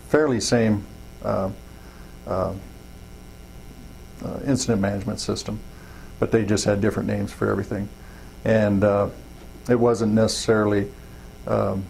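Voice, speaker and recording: Middle-aged man, low gravelly voice, folksy rambling storyteller, faint hum behind. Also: a little mellow, rough recording. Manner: folksy, rambling, many fillers and acted-out quotes. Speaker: interviewee, wildland fire chief. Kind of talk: casual storytelling interview.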